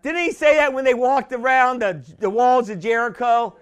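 A man preaching a sermon in an emphatic, repetitive way that builds up to shouting. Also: very high voice, moderate pace, clear, resonant tone.

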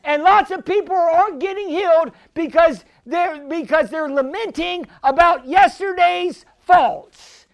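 A male pastor with a very high-pitched voice delivers a fervent healing sermon, often shouting and calling for responses from the congregation. He speaks a little slowly, with few pauses.

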